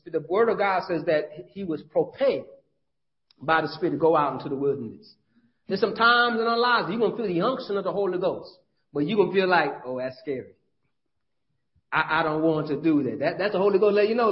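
A male pastor preaching a sermon in a conversational, folksy way, with frequent restarts. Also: on the high side. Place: church. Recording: dull lo-fi church audio.

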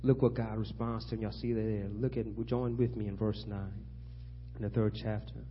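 Preaching at a normal speed in a fairly low, flat-delivered voice, this man swings between emphatic loud climaxes and hushed moments, frequently voicing biblical characters in conversational asides. The recording is muffled, with a bit of hiss or hum.

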